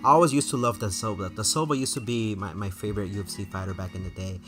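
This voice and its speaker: A man's voice: on the low side, fast, fairly bright tone, faint music behind. A man streaming a game and chatting casually with his viewers, laughing often. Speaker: gaming streamer. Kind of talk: casual live-stream chat.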